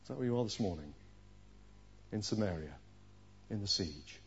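A man preaching a sermon, pressing his listeners with rhetorical questions and moving between forceful, raised lines and quiet, low ones. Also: animated, moderate pace, a little hiss or hum. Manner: earnest preaching with rhetorical questions, swinging from loud to hushed. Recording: dull lo-fi recording.

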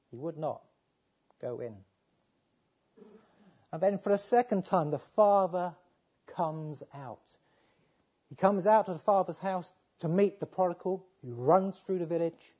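In a sermon, a preacher with a high, dark, husky voice pleads with his listeners, moving between fervent appeals and quiet, low passages. The recording is muffled and lo-fi.

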